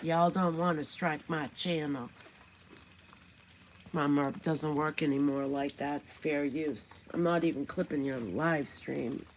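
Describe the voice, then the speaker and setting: A woman's voice: low-pitched, fairly even intonation, a little slow, slight background noise. A woman hosting a casual commentary vlog, talking in a chatty, indignant, gossipy way. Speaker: commentary channel host.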